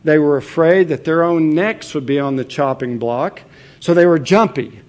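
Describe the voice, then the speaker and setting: A man preaching a sermon as pastor, measured and earnest, with the odd filler as he explains a passage. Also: fairly high pitch, darkish tone.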